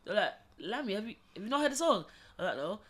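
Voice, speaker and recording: A woman, a podcast guest telling animated stories in casual chat. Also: medium pitch, fast. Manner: animated storyteller, swears emphatically.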